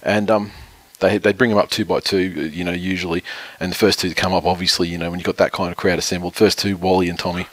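A man's voice: low voice, little pitch movement, fast, hardly any pauses, a bit bright, no room sound. A middle-aged man with an Australian accent, rambling through a casual story, swearing often and laughing. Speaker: podcast co-host. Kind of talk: casual chat.

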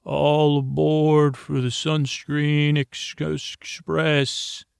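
A man voicing a goofy, jester-like uncle who talks in quick, playful bursts like a train conductor. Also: fairly high pitch, little pitch movement, vocal fry, clean tone, dry recording, clean studio sound, exaggerated voice. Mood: announcing. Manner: playful, hurried announcing.

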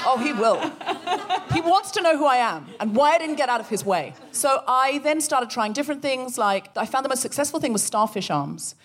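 Woman, podcast co-host, animated live storytelling on stage. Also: high-pitched, normal speed. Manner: animated, acts out voices in stories. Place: live show venue.

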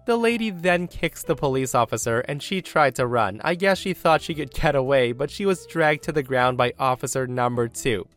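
A man of middle pitch reads online stories aloud and talks casually to his listeners, addressing them directly. Soft music plays faintly under his voice. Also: animated, normal speed, few pauses. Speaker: story narrator.

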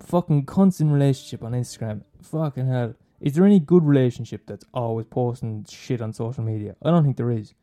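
A young comedian launches into a profane, mocking rant, rambling and cursing nonstop. His medium-pitched voice is warm and brisk with few pauses, and faint music plays behind him.

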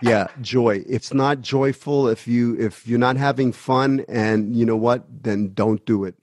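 A man's voice: medium pitch, fairly even intonation, a little slow, a little mellow, dry recording, clean studio sound. A man hosting a podcast about acting, talking casually and with energy, full of "you know.". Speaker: acting teacher and podcast host. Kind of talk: casual chat.

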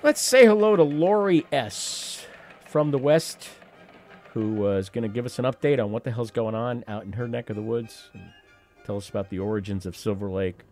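A man's voice: mid-range voice, normal speed, darkish tone, soft background music. Wry rambling radio host in his fifties. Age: 50s. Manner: wry, rambling, profane asides. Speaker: radio call-in show host. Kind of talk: rambling talk radio monologue.

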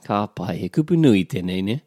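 A man's voice: lowish voice, lively intonation, brisk, warm tone, no room sound, clean studio sound. A man co-hosting a language lesson, attentive and affirming with frequent murmurs. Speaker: podcast co-host and learner. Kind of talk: bilingual language lesson chat.

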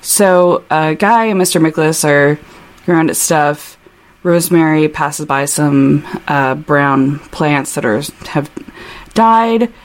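A woman co-hosting a podcast, chatting casually about a book, laughing and reading passages aloud. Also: low-pitched. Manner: chatty, giggly, quick asides. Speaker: podcast co-host.

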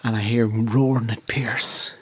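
A man with a West of Ireland accent, a stand-up comedian telling a casual, profane anecdote, swinging from low mutters to high excited bursts. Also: moderate pace, slightly rough, no room sound. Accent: Irish, West of Ireland.

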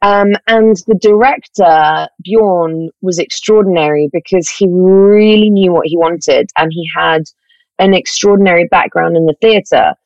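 A woman, an actress talking in an animated, chatty way with fillers and self-corrections in an interview. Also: on the low side, measured pace, no echo, lo-fi sound. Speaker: actress guest. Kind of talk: casual interview chat.

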